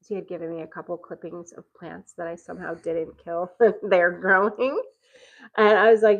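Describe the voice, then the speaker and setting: Medium-pitched, brisk and gravelly, this middle-aged woman comes through on dull audio. Hosting a podcast, she tells a dating story in a casual, animated way, frequently laughing and acting out quoted lines.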